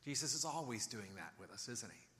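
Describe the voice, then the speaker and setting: A man preaches a sermon in an animated storytelling way, his voice bright and forceful. He drops into softer, lower tones when he voices the people in the story. The sound carries a long reverb, like a large church sanctuary. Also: brisk. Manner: animated storytelling, acting out quoted lines in soft low voices. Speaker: pastor.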